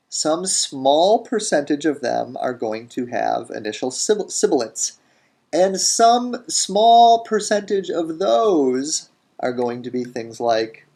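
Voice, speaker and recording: A man teaching a grammar lesson in a recorded lecture, deliberate, saying each word form slowly and repeating it. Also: a little high, vocal fry, a little mellow. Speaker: language teacher.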